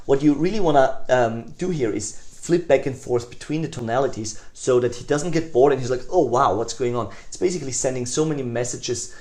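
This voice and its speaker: A man teaching a recorded sales lesson. He talks conversationally with many fillers and restarts, and he demonstrates sales tonalities by swinging between loud enthusiasm and soft, hushed lines. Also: medium pitch, fairly quick, few pauses. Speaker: sales trainer.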